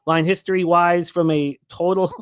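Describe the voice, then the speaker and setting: Slightly high-voiced man hosting a sports betting show. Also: flat delivery, moderate pace, clean tone, no echo. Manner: rambling, reads stats and tells comedy stories. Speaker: sports betting radio host. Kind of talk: casual sports betting talk.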